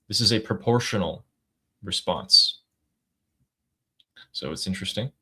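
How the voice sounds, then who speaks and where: A man's voice: fairly low pitch, unhurried, sharp tone, husky. A man co-hosting a casual livestream, reading out news updates and reacting to them. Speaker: political commentary co-host.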